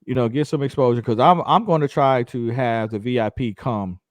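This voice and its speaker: A man co-hosting a casual podcast, slangy and easygoing, handing out shout-outs to his listeners. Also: mid-range voice, fairly quick, dry recording. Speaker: podcast co-host.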